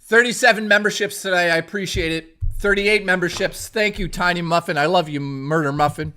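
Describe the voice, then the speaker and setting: A man's voice: high voice, a little fast, over music. A young man on a live stream telling a crude, rambling personal story full of filler words, and breaking off to thank viewers. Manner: stops mid-story to thank viewers for memberships.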